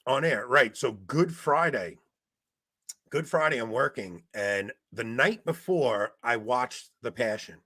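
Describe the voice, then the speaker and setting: A man in casual podcast chat, telling stories in an animated way and getting loud when he retells a fight. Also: medium pitch, slow, no echo. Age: 20s. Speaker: podcast co-host.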